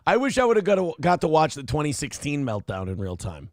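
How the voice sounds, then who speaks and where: A man's voice: fairly high pitch, wildly swooping pitch, fast talker, darkish tone, dry recording, studio quality. A man hosting a livestream, reacting to a clip with sarcastic, profane asides. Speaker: livestream host. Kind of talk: casual reaction commentary.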